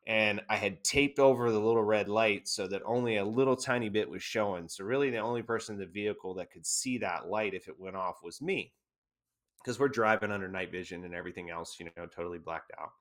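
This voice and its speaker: A man, an army veteran guest, casually telling an animated anecdote and often laughing. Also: fairly low pitch, a little fast. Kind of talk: casual storytelling.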